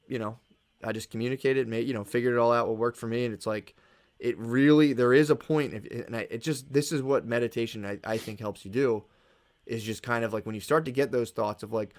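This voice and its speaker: A man's voice: mid-range voice, a little fast. A man guest on a podcast, chatting casually and rambling through a story, acting out his own thoughts and swearing freely. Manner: casual swearing, calls listener "dude". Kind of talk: casual conversation.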